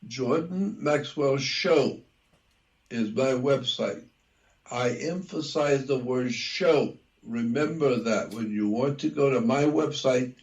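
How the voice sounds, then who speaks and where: A man speaking as an interview guest, talking deliberately and repeating key details for emphasis. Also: medium pitch, vocal fry, a little mellow, dull audio. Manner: spells out words letter by letter. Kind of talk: conversational interview.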